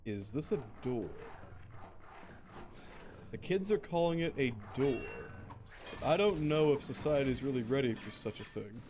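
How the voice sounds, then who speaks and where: A man's voice: mid-range voice, expressive, measured pace, long pauses, darkish tone. A young man streaming a game, giving wry, joking commentary and mock-grand commands. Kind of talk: casual gameplay commentary.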